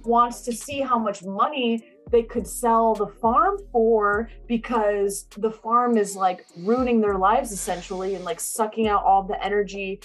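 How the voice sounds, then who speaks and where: A woman's voice: medium pitch, fairly even intonation, measured pace, few pauses. A young woman casually recapping a movie, blunt and chatty, swearing freely and saying "like" often.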